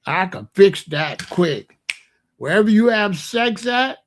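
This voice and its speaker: A man hosts a casual monologue in a high-pitched, very animated voice, speaking slowly. His delivery is loose and rambling, full of jokes, and he laughs at his own material.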